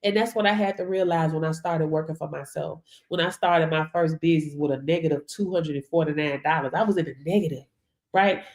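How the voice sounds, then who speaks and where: A woman's voice: deep voice, fairly even intonation, fairly quick, darkish tone, roomy sound. A woman in giving a sassy, preachy motivational talk to her livestream viewers, calling them baby. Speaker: livestream business mentor.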